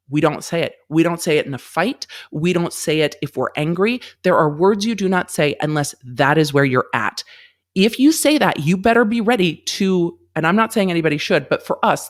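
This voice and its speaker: A woman in her forties hosting a casual livestream. She speaks bluntly and emphatically, swears freely, and stops to read and thank viewers in the chat. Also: low voice. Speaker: legal commentary livestream host.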